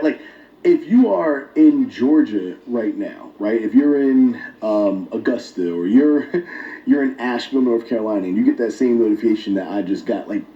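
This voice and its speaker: A man's voice: medium pitch, warm tone. A man co-hosting a podcast, asking incredulous rhetorical questions in a casual way. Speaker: co-host. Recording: dull, roomy and distant.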